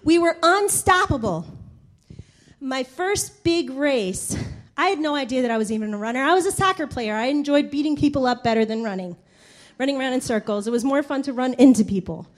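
Very high-voiced woman preaching with animated storytelling. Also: fairly quick. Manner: animated, laughing, acts out the people in her stories. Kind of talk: sermon with personal storytelling.

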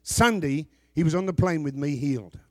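A middle-aged male pastor preaching a sermon. He reads scripture loudly and drops into quiet asides. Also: moderate pace. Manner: animated preaching, swings from shouted scripture to low asides.

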